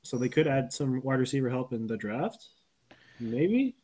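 A man's voice: mid-range voice, big pitch swings, normal speed, mellow, slightly rough. A man hosting a sports podcast, hesitant and steering the talk with questions. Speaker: podcast host. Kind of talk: casual sports podcast chat.

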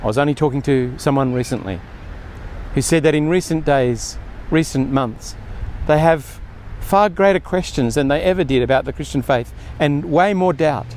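A man's voice: on the high side, moderate pace, a little mellow, a little hiss or hum. A man preaching a sermon in an earnest way, often acting out quoted speech with more emphasis.

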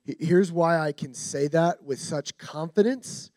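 A man's voice: fairly high pitch, measured pace, a little mellow, dry recording. Emphatic preacher, a man with a raised voice. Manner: confident, emphatic preaching with repeated phrases. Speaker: guest speaker at a discipleship school. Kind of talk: sermon.

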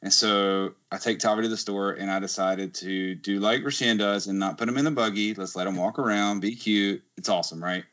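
A young man, co-hosting a podcast and telling family stories in a casual, animated way, laughing often. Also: lowish voice, a little fast, hardly any pauses. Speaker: podcast co-host. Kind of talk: casual chat, anecdote. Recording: slightly muffled lo-fi podcast audio.

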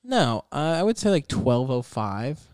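Comedian guest, male, smooth clear voice, dry close sound, rambling teasing delivery. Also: medium pitch, big pitch swings, measured pace, a little mellow, no room sound. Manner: rambling, teasing, many fillers. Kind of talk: casual podcast banter.

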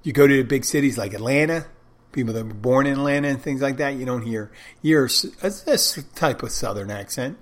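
A man with a mid-range voice talks fairly quickly in a loose, casual monologue. He rambles conversationally, often breaking off and restarting sentences as he thinks aloud.

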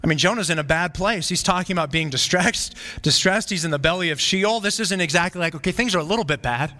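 Pastor guy preaching, high bright voice, big hall echo, keeps repeating lines. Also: fast talker. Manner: earnest preaching with repeated phrases. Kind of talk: sermon. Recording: reverberant hall sound.

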